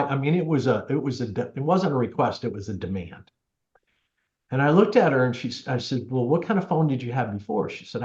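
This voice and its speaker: Interviewed as a guest, a man who works as a tech helper for seniors tells stories casually at medium pitch and a moderate pace. He's a chatty, lively storyteller who acts out what people said, and the recording sounds roomy and a little dull.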